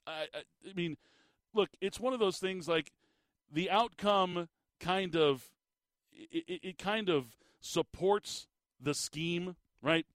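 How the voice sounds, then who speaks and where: A man hosting a sports radio show, ranting in an animated, incredulous way with a tired, slightly squeaky voice. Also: slow pace, no room sound, studio quality. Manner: animated, incredulous rants with laughs. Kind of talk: sports talk radio monologue.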